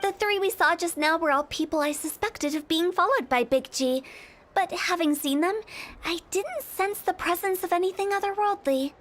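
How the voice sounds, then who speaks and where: A woman's voice: very high-pitched, moderate pace, a bit bright, a little hiss or hum. A woman voicing a playful, mischievous young funeral director in a video game, talking with teasing, giggly sales patter. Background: game music.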